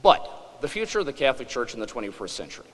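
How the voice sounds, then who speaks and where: A man's voice: mid-range voice, sing-song, rapid-fire, slightly rough, in a large hall, rough recording. A man in his forties giving a humorous public lecture, wry and self-deprecating. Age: 40s.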